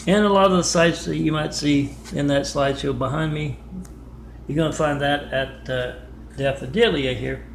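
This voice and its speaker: A man's voice: a little high, normal speed, vocal fry, a little hiss or hum. A man talking casually on his art vlog, rambling between stories and repeatedly spelling out his web addresses. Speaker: artist vlogger.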